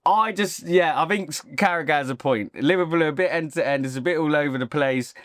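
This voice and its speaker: A man's voice: fairly high pitch, fairly quick, fairly bright tone, dry recording, clean studio sound. A man hosting his own football channel, giving an opinionated, casual reaction monologue. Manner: opinionated, talks straight to camera.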